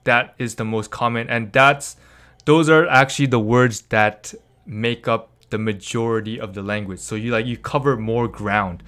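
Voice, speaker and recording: A man's voice: medium pitch, steady tone, normal speed, a bit bright, clean tone. A young man giving a casual live-streamed language lesson, rambling with lots of fillers and little laughs.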